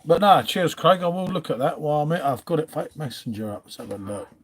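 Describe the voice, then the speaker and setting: A middle-aged man with a brisk, slightly rough voice on the high side hosts a live stream in casual chat. He's chatty, reading out and greeting viewers by name, and often trails off and restarts.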